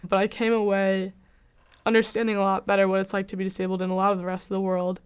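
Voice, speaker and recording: Young american college woman telling her story, super smooth clear voice, pretty flat and even, candid. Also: medium pitch, quick pace. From United States. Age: young adult. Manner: reflective and candid, with frequent "kind of" hedges. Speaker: university student. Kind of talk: personal testimonial.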